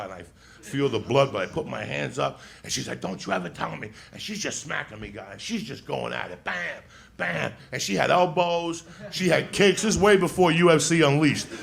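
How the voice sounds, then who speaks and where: A man's voice: medium pitch, vocal fry, a bit bright. A man telling a rowdy childhood story on stage as a stand-up comedian, swearing and laughing as he goes.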